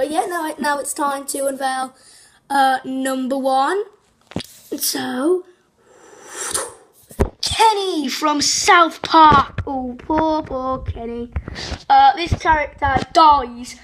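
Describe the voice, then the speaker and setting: A woman's voice: high-pitched, steady tone, slow, a little hiss or hum. A woman hosting a casual, unscripted countdown video, rambling with many fillers, restarts and small giggles. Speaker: video host.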